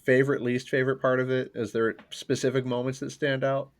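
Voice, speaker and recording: Relaxed man hosting a podcast. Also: mid-range voice, fairly quick. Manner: relaxed, asks follow-up questions. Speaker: podcast host. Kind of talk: casual interview.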